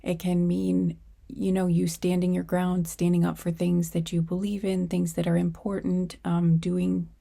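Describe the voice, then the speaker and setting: A tired woman with her voice nearly gone, speaking very quietly and half-whispering through a casual tarot reading. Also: fairly low pitch, little pitch movement, measured pace, creaky. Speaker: tarot reader. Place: dark room indoors.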